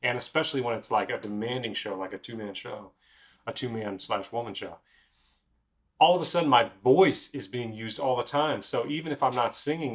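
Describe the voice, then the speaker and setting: Male co-host, mid-pitched, direct instructive casual talk, drives points home. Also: fairly quick, a bit bright. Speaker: co-host, pianist and music director. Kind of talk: casual chat.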